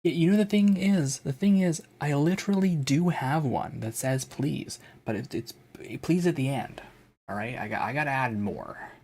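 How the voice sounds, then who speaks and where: A man's voice: a little high, animated, normal speed, darkish tone. A male streamer in casual chat, exasperated and self-mocking as he repeats the same command over and over.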